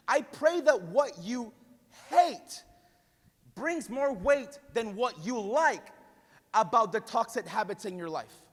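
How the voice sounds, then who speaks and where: Man, pastor, Spanish-accented English, very high voice, passionate sermon, long hall reverb. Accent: Spanish-influenced English. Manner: passionate, builds to shouting, conversational asides.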